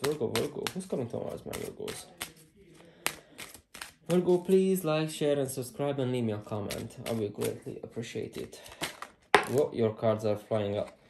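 A man doing a casual tarot reading to camera, blunt and excitable, swearing freely as he thinks aloud. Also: mid-range voice, creaky, background noise. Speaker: tarot reader. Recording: roomy echo.

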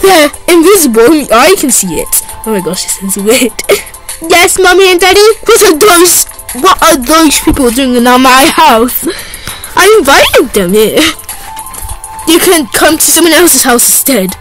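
A woman plays out a toy role-play, voicing a whole cast on her own. Her voice sits high and swoops widely, and she keeps slipping into giggles. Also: sing-song, measured pace, a bit bright, faint music behind, low-quality recording. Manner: giggly, playful, often breaking into laughter.

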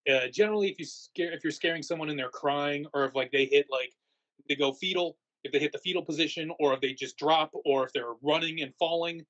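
A man's voice: fairly high pitch, fairly quick, a bit bright, muffled recording. A man answering interview questions in a casual, rambling way, full of fillers and restarts. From United States. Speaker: haunt actor guest.

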